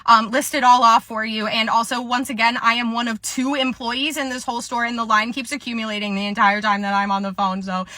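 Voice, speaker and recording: A woman's voice: a little high, little pitch movement, brisk, few pauses, pushed and bright, dry recording. A woman playing a flustered, apologetic store manager. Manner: apologetic, nervous, filler-heavy. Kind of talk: comedy skit role-play.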